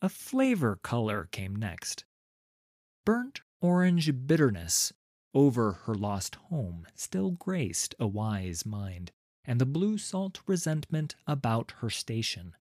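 Lively, slow-paced male storyteller. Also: medium pitch, no echo, studio quality. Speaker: narrator. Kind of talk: storybook narration.

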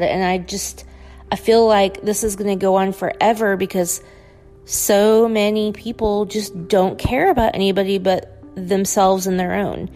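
Lady podcaster ranting hard, begging and cursing, mid pitch, echoey. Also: fairly even intonation, a little slow, warm tone. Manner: impassioned, pleading, swearing. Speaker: podcast host. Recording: long reverb with faint music behind.

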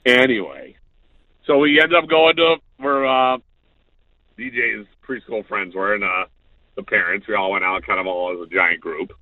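A man's voice: on the low side, moderate pace, no echo. A man in his thirties hosting a talk show, telling a story and acting out the people in it. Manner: animated storyteller acting out quotes. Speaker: radio show host. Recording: phone-like narrow band.

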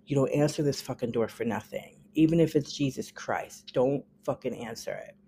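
A woman acts out a menacing father barking harsh, profane orders. The voice is dark and mellow. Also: very deep voice, moderate pace, slight background noise. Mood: threatening.

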